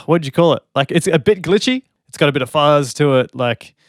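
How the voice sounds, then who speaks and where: Brisk and animated, with a slightly high voice, a songwriter gives casual reaction commentary on an album, enthusiastically chatting and scatting tunes. The recording is clean studio sound with no room ambience.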